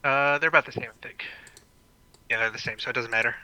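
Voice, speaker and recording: Quick loud-toned dude playing a tabletop rpg, swears a lot, dry mic. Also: male voice, mid-range voice, steady tone, no room sound, rough recording. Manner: brash, profane. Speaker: player. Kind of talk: tabletop role-play.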